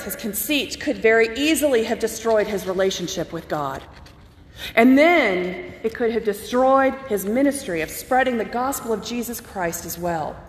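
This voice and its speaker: A woman pastor giving a sermon, telling personal stories in an earnest way and slowing down to stress key phrases. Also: a little high. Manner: earnest, personal storytelling with emphatic slowed phrases. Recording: echoey hall with long reverb.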